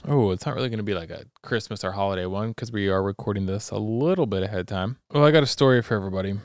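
A young man co-hosting a podcast, telling a story in a loose, rambling, animated way. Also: fairly low pitch, racing, no room sound, clean studio sound. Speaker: podcast co-host. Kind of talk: casual chat.

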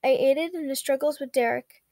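A woman's voice: high-pitched, normal speed, darkish tone, dry recording, clean studio sound. A woman reading as a stiff, formal young man. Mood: formal, weary. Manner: formal, clipped, restrained.

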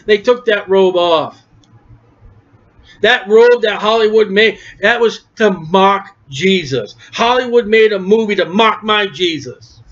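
A male preacher with a high voice gives a fervent sermon, swinging from low, quiet stretches to shouted peaks. The recording is dull and lo-fi.

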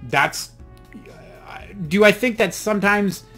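Casual let's-play host, man, slightly high voice, self-mocking asides. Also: unhurried, sharp tone, soft background music. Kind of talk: casual gameplay commentary.

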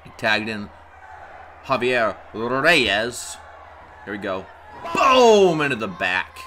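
A man giving an indignant live reaction to a match, stammering through restarts and bursting into shouts. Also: fairly low pitch, takes it slowly, slight background noise. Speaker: vlogger reacting to a wrestling match. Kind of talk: heated live reaction commentary.

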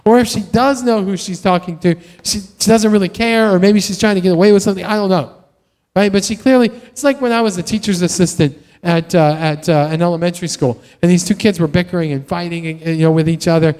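A man preaching a sermon in a conversational, animated way, often tossing in "right?" to the congregation. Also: high voice, quick pace, long reverb tail. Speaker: pastor. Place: church sanctuary.

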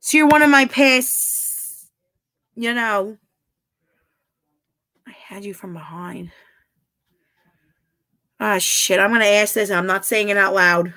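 A woman with a bright, forceful voice, chatting live with her viewers. She talks casually and bluntly and swears without holding back. Her pitch sits right in the middle of the usual range. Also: measured pace, smooth. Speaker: livestreamer reading chat. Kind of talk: casual live-stream chat.

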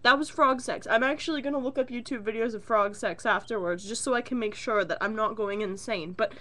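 High, bright-voiced ranting young woman. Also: fairly quick. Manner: animated, exasperated, swears a lot. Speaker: vlogger. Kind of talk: casual storytelling rant. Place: own bedroom.

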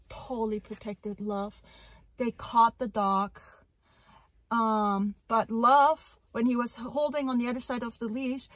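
Woman vlogger, slightly high voice, dry close sound, shaken casual retelling. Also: dry recording. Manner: shaken, emotional retelling with sudden loud outbursts. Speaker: parrot vlogger. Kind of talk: casual vlog storytelling. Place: outdoors at a park.

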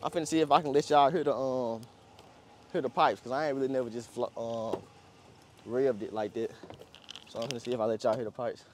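A man's voice: mid-range voice, fairly even intonation, fairly quick, long pauses, a little mellow, slight background noise. A young man, chatting casually and laughing as he shows off a pickup truck outdoors. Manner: slangy, rambling, laughs often. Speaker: car vlogger. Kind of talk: casual vlog walkaround.

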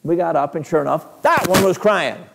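A man voicing an earnest young mother who tells a story slowly and with emphasis in a raised voice. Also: high voice, expressive, noisy background, pitched above the performer's own voice.

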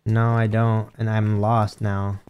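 A young man streaming a ghost-hunting game, chatting casually, excitable and swearing often. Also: lowish voice, slow pace, highs cut off, slight background noise. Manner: excitable, swears a lot, jumpy. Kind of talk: casual gaming stream chat.

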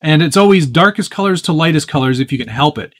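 A man's voice: a little high, animated, fast talker, a bit bright. Chatty man narrating a hands-on build. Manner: chatty and easygoing, with frequent fillers and self-interrupting asides; hands busy working on a model truck while talking. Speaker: host of a live build stream. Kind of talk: casual live-stream build chat, answering viewer questions.

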